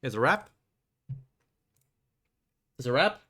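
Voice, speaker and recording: A man's voice: mid-range voice, sing-song, slow, bright, forceful tone, slight background noise. A young man live-streaming, chatting casually and making crude jokes while browsing trailers. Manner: joking, crude, rambling commentary.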